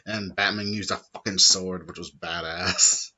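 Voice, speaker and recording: A man hosting a casual gaming chat, animated and rambling, swearing freely. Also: low-pitched, unhurried, breathy edge. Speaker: podcast host. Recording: dull lo-fi sound.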